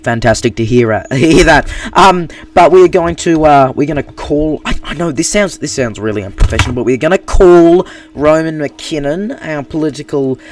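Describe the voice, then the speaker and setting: Halting Australian news anchor, distant mic. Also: male voice, fairly high pitch. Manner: halting, many fillers and restarts. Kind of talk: live streamed news coverage.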